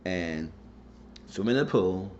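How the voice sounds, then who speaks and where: A man's voice: low-pitched, animated, unhurried, darkish tone. A man casually recapping a TV episode, rambling through the scenes in colloquial speech. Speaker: TV show recap reviewer. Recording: dull lo-fi recording with faint noise.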